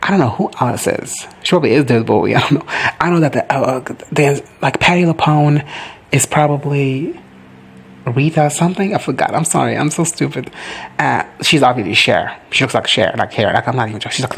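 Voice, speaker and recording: A man giving a casual reaction recap of a TV episode, gushing, swearing freely and briefly acting out characters in quick high voices. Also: husky, faint music behind. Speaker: reaction vlogger.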